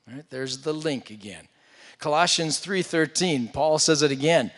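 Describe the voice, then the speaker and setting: A man preaching a sermon, retelling a scripture story with loud emphasis and hushed asides. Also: on the high side, normal speed, in a large hall. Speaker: pastor.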